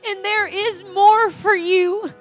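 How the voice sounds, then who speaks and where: A woman's voice: extremely high pitch, fairly even intonation, slow, faint music behind. A woman preaching a sermon and leading an altar call prayer, pleading and emotional, tearful at times.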